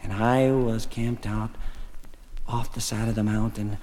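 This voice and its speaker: A man's voice: lowish voice, flat delivery, unhurried, warm tone, slight background noise. A man from Texas telling a rambling comic story on a concert stage, folksy and full of asides. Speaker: folk singer and storyteller. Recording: live hall with long reverb, faint music.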